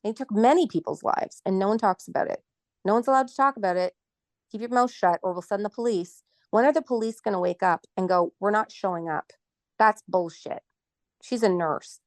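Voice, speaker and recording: A woman's voice: medium pitch, a little mellow, no echo, clean studio sound. A middle-aged woman from Canada, a guest telling her story in a casual interview, agitated and indignant.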